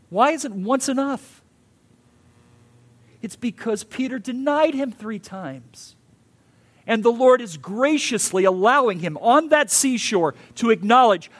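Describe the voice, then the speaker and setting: A man's voice: very high voice, lively intonation, slow, long pauses, a bit bright. A male pastor giving a sermon in an earnest, emphatic way, with rising and falling intensity.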